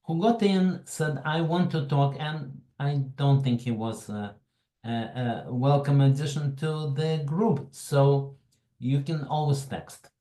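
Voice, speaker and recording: A man from Russia with a Russian accent, hosting an online webinar in a slow, halting way and greeting attendees by name. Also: mid-range voice, dark tone, echoey room, rough recording. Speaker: webinar host. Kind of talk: casual online presentation.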